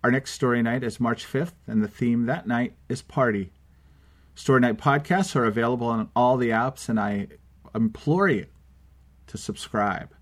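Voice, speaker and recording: A man's voice: mid-range voice, moderate pace. A man hosting a storytelling podcast, steadily reading out event announcements. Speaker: podcast host.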